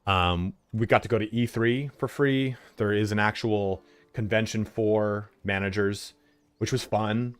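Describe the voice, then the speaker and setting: A man's voice: on the low side, fairly even intonation, measured pace, clean tone. A young man streaming from home, chatting casually and telling rambling stories with lots of swearing and filler words. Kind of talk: casual livestream chat.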